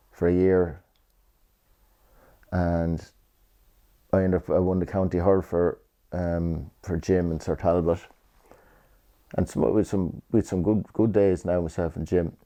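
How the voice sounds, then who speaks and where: A man's voice: low voice, dark tone. A middle-aged Irish man, a retired jockey, rambling through memories in a casual interview, repeating himself and swearing freely. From Ireland.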